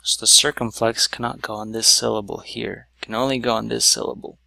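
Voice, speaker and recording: Guy slowly walking through a lesson, gravelly voice, bit bright, lots of "so". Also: lowish voice, level tone, dry recording. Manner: slow, stepwise explaining with many "so"s. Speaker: teacher. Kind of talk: whiteboard lesson.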